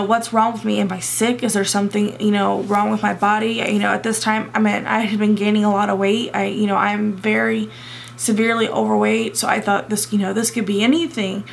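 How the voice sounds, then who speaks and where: A young woman vlogger telling a personal story in an emotional, halting way, close to tears and full of fillers. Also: medium pitch, vocal fry, slight background noise.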